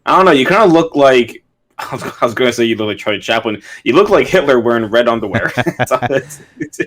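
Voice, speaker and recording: A man's voice: medium pitch, lively intonation, a little fast, fairly bright tone. A young man co-hosting a podcast, talking in a laid-back, rambling way full of fillers and giggles. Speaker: podcast co-host. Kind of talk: casual chat.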